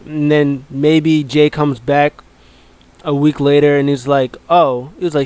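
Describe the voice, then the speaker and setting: A man's voice: mid-range voice, level tone, measured pace, darkish tone, smooth, no room sound. A man casually recapping a wrestling show, rambling with many ums and uhs and joking along the way.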